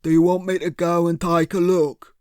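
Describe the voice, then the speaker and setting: Man doing a big dim henchman, slow rough drawl, distinct voice, dry audiobook. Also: a little high, little pitch movement, no echo, close to an everyday voice. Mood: plodding. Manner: slow, rough, says boss.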